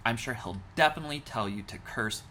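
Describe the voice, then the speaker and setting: A man's voice: mid-range voice, fairly quick, sharp tone, a little hiss or hum, lightly acted. A man voicing a pushy, dim-witted king who is sarcastic and overeager.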